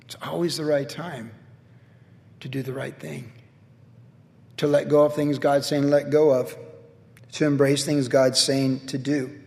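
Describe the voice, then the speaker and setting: A middle-aged man preaching a sermon as a pastor, telling a personal story in an animated way, acting out the voices he quotes and laughing at himself. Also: mid-range voice, a little slow, gravelly, pauses often, long reverb tail.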